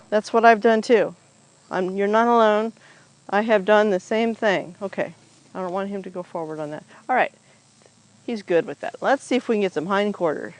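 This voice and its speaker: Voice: mid-range voice, rough recording. A horse trainer working a horse outdoors, explaining each step aloud in a casual, chatty way to a camera set up nearby. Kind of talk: casual explanatory groundwork demo. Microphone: camera set up nearby on the ground.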